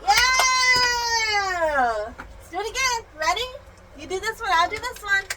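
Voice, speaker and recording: A woman's voice: very high voice, fairly quick. A young mother teaching her child at home in a singsong voice, with exaggerated gasps and animal sounds. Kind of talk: home video, playful teaching. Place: home room. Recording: noisy home phone recording.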